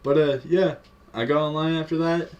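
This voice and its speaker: A man's voice: a little high, steady tone, normal speed, a little mellow, recorded from a distance. A young man telling a story from his own life in a casual vlog, swearing a lot, rambling with many fillers and chuckling as he goes. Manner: profane and rambling, heavy on fillers. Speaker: vlogger.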